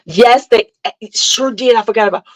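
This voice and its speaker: A woman hosting a casual livestream, telling animated family stories, laughing often and greeting viewers by name. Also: on the high side, normal speed, rough recording. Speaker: livestream host chatting with viewers. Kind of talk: casual chat.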